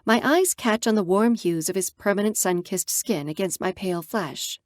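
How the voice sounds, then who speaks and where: A woman narrating a first-person romance audiobook in an expressive way. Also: mid-range voice, moderate pace, dry recording, clean studio sound.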